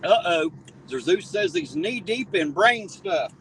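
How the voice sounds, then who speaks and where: Speaking slowly in a high, gravelly, slightly bright voice with huge pitch swings, a man hosts a casual live stream outdoors at night. He reads viewer chat, jokes, and greets people by name on a town street after rain. A slightly distant mic catches faint street noise.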